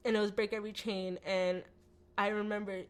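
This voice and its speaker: Woman telling her testimony, super animated, does little voices for people, says like a ton. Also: mid-range voice, brisk. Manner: animated storytelling, acts out quoted voices; frequent "like" and "you know" fillers. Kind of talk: emotional personal testimony.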